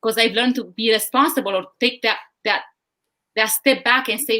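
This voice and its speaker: A woman's voice: a little high, normal speed, sharp tone. A woman speaking earnestly in a live discussion, often repeating words as she thinks. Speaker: guest speaker.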